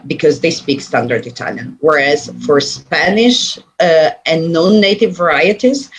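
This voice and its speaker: Hesitant speaker giving an academic talk. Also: medium pitch. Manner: hesitant, frequent fillers and restarts. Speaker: academic presenter. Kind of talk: recorded conference talk.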